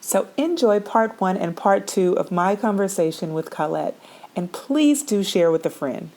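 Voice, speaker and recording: A woman's voice: mid-range voice, lively intonation, normal speed, a little mellow. A woman host introducing her podcast episode, speaking directly and persuasively to the listeners.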